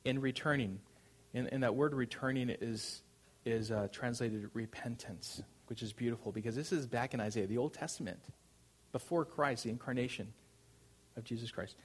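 Here a preacher with a mid-range, slightly breathy voice keeps a moderate pace. His sermon sounds conversational, with plenty of fillers and restarted sentences, then swells into loud proclamation.

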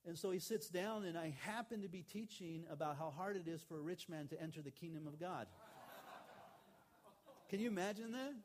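A man's voice: fairly high pitch, steady tone, brisk, few pauses, darkish tone. A middle-aged man, a pastor, preaching a sermon in a conversational storytelling way, retelling a conversation with quoted lines.

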